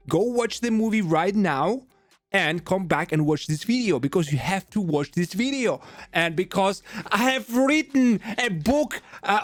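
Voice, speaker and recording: High-voiced guy hosting a review chat, super eager, dry close sound. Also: dry recording. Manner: excitable, eager. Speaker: channel host.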